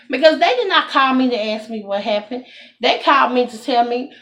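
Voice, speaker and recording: A woman telling a storytime to her viewers, animated and indignant, calling them y'all. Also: high voice, a little fast. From Texas. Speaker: vlogger. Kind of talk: casual storytime talk to camera.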